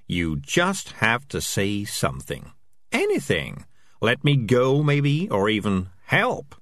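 A man's voice: on the low side, huge pitch swings, a bit bright, no echo, studio quality, heavily acted. A man voicing a smug, glib male talking tomcat who justifies himself at length in an audiobook. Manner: fast-talking, self-justifying. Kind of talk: audiobook character voice.

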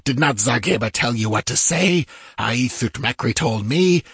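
A man's voice: medium pitch, animated, normal speed, gravelly, a bit bright, breathy edge, no room sound, studio quality, heavily acted. A man voicing a huge, menacing male temple guard who threatens and sneers, in an audiobook reading.

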